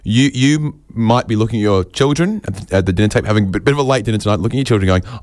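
Deadpan, rambling man, dry and close. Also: on the low side, very fast, no room sound. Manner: rambling, deadpan, self-interrupting. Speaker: stand-up comedian. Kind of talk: absurdist stand-up set.

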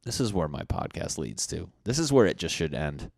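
A man hosting a solo comedy podcast, rambling profanely and acting out neighbors in loud mocking voices. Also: deep voice, big pitch swings, moderate pace, vocal fry, dry recording, clean studio sound. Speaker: podcast host. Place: indoors at home.

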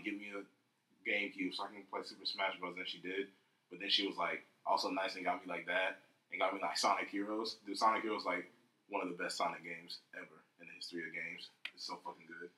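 A young man chatting casually and profanely on a podcast, rambling and animated. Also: low voice, fast talker. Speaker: podcast co-host. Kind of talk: casual chat. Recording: echoey room.

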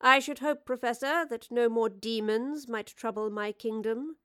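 A stately older queen, as a woman puts her on, gracious but commanding, with formal, measured speech. The voice sits a touch higher than the reader's own, in a spoken storybook. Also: sharp tone, clean tone. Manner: formal and regal.

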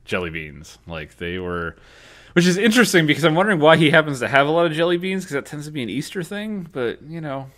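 A man co-hosting a casual podcast chat, slangy and animated, often acting out characters' lines. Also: fairly high pitch, fast talker. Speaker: podcast co-host.

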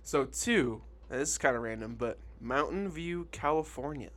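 A man's voice: mid-range voice, normal speed. A man with a Montana accent co-hosting a podcast in casual chat, with dry, teasing jokes. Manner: deadpan teasing. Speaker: podcast co-host.

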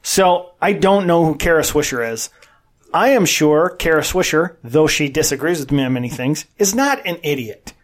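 A man's voice: on the high side, expressive, moderate pace. Blunt, profane man on a podcast. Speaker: podcast co-host. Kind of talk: casual political podcast chat.

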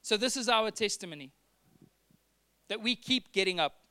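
A man's voice: high voice, expressive, moderate pace, sharp tone, clean tone. A man preaching a sermon, earnest, acting out the dialogue he quotes. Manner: earnest, acts out quoted dialogue, some repeated words.

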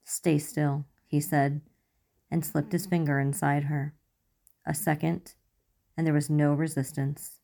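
A woman narrating romance fan fiction aloud in a measured, soft storytelling manner. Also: deep voice, little pitch movement, vocal fry.

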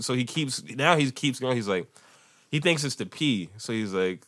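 A man in his thirties, a podcast host, telling animated stories in casual chat and laughing often. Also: mid-range voice, moderate pace, no echo.

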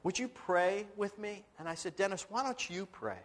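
Pastor, male, high voice, sermon storytelling, voices the people he quotes. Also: moderate pace. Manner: earnest, dramatic retelling with quoted dialogue.

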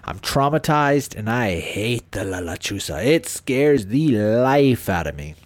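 Profane, animated man telling stories. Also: mid-range voice, measured pace, no room sound. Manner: animated, profane, acts out voices. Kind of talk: casual storytelling chat.

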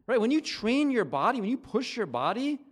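A middle-aged man delivers a conversational sermon, his fairly high voice swinging widely up and down. He talks it through casually, acting out the dialogue in the stories he tells. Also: sing-song, brisk. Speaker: pastor.

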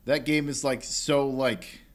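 A young man co-hosting a casual podcast, talking about a video game in an animated, rambling way with lots of filler and quick quoted bits. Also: mid-range voice. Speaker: podcast co-host.

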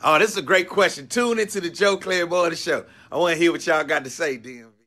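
A man, a comedian and radio host, speaking in a drawn-out, sing-song cadence in a clip played from a social media video. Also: fairly high pitch, sharp tone.

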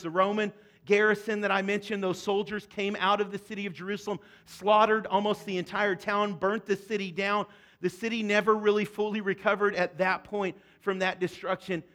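A man preaching a sermon, speaking earnestly and directly to his congregation, with quieter, softer passages on the emotional points. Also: high-pitched. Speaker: pastor.

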